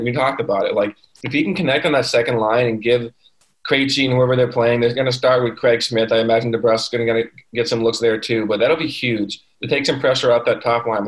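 A man of middle pitch co-hosts a relaxed sports podcast. He sounds eager and talkative, working through the details with plenty of "um"s and "like"s. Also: low-quality recording. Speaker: podcast co-host. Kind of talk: casual podcast chat, sports analysis.

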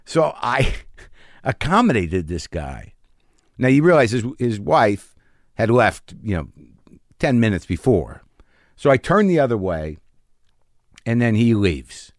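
A comedian from rural Missouri, animatedly telling a story as a podcast guest, with rapid restarts and repeated words. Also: male voice, medium pitch, no echo, studio quality. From rural Missouri, United States. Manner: animated, acts out the people in his stories. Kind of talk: casual storytelling in a podcast interview.

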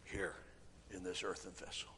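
A man preaching a sermon, swinging from shouting to hushed, near-whispered urging. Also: low-pitched, flat delivery, moderate pace. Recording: reverberant hall, faint room noise.

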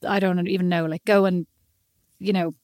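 An Irish woman telling a long, animated, self-mocking story in casual chat, often slipping into quoted voices. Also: lowish voice, moderate pace, no room sound, clean studio sound. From Ireland.

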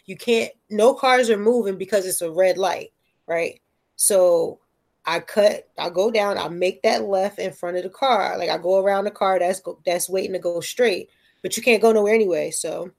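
A woman telling a story in casual chat, animated and profane, often checking in with "right?". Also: mid-range voice, moderate pace, vocal fry.

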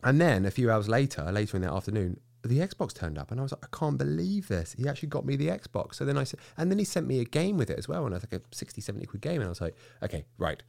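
A man telling a story in casual chat, animated, swearing freely and stammering when excited. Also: medium pitch, racing, vocal fry, few pauses, dry recording, studio quality.

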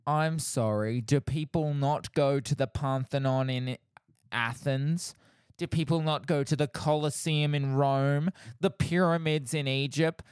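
A man's voice: on the high side, fairly even intonation, a little slow, clear, resonant tone, dry recording, clean studio sound. An Australian man co-hosting a podcast, teasing and quizzing his co-host in casual chat.

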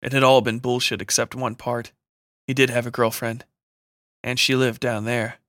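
This is a measured, dramatic reading of a scripted horror story by a man with a bright, mid-pitched voice carrying a forward edge. His pacing stays steady, and the recording is dry and close, lacking any room echo.

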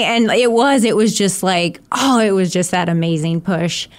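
A woman in her thirties, a guest on a podcast, telling her story in a lively way and jumping into a high voice when she quotes her own thoughts. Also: moderate pace. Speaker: guest runner. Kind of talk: casual interview chat.

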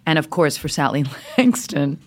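A middle-aged woman, an actress, telling animated stories in an interview, her voice leaping up with laughter and acted-out lines. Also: moderate pace. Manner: lively, swings high with laughter and voices. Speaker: actress guest.

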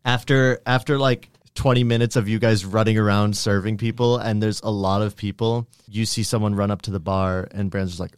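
A low-pitched man runs a tabletop game in a loose, chatty way, full of likes and ums. His voice sits close to the mic in a dry, dead room. He tells the scene as it comes and drops into quick voices for the people in it. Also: fairly even intonation, smooth, no echo. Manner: casual, filler-heavy narration with quick put-on voices for townsfolk. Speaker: game master.

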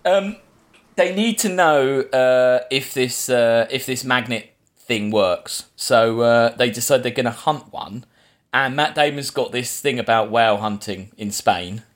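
A man's voice: medium pitch, a little slow. A man co-hosting a casual film podcast, chatting loosely with plenty of fillers and restarts. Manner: chatty, rambling, lots of yeahs and restarts. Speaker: podcast co-host running a quiz.

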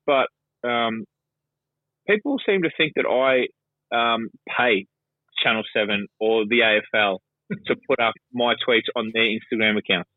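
A man's voice: mid-range voice, a little slow, dry recording. An Australian man chatting about sport as a guest pundit, rambling and swearing, with plenty of fillers. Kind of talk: casual sports chat. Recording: dry phone-line call.

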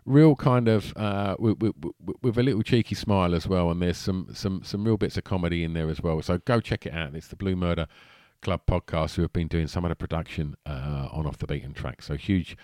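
A man's voice: low voice, a little fast, a little mellow, no echo. A man with an Essex accent hosting a podcast, chatting casually and rambling with many fillers and restarts. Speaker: podcast host.

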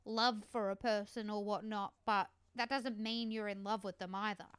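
A woman co-hosting a casual podcast chat, blunt and quick with asides. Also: mid-range voice, fairly even intonation, fairly bright tone, clear, resonant tone, dry recording, studio quality. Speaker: podcast co-host.

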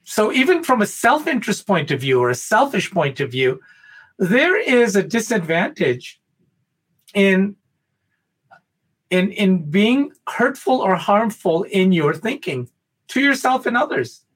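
A man talking on a podcast, telling a spiritual parable in an animated way, stumbling over many restarts. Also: high voice, unhurried, husky. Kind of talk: spiritual talk and storytelling.

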